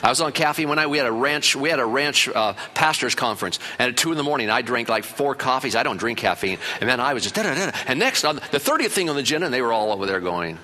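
Bright-voiced older preacher, lively storyteller. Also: male voice, mid-range voice, fast talker, few pauses. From Italian family in America. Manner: animated storyteller, breaks into loud put-on relatives' voices. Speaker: pastor. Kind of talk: sermon.

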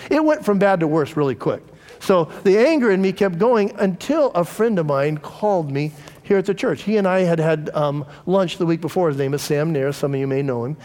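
A man's voice: high-pitched, a little mellow, big-room sound. A middle-aged man and pastor, preaching a conversational sermon and telling candid personal stories to his congregation. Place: church.

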